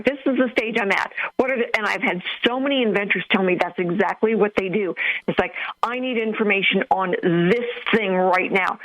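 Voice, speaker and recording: A woman co-hosting a radio talk show over the phone, chatty and animated, acting out what other people say. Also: mid-range voice. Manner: animated, chatty, acts out quotes. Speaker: radio co-host. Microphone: phone line. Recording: phone line.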